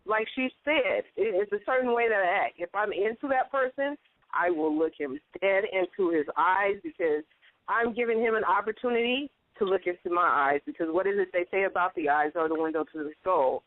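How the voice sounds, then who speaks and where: A woman co-hosts a casual talk show with a lively, laughing manner and cuts in often. Her voice sounds dry and narrow, as if it comes over a phone line. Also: medium pitch, fairly quick, no room sound. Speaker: co-host. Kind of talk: casual chat.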